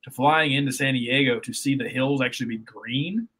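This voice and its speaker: Bright, husky man chatting. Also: mid-range voice, normal speed. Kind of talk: casual chat.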